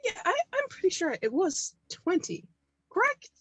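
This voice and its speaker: A woman voicing a sly male character who bargains with drawn-out, teasing questions. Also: fairly high pitch, sing-song, a little mellow, breathy edge, dry recording. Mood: pressing.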